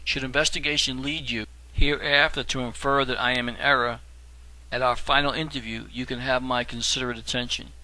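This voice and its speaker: A man voicing an aged, scholarly guide who speaks softly and courteously in an audiobook. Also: medium pitch, fairly even intonation, low-quality recording. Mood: patient. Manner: soft, measured, polished. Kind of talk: audiobook reading.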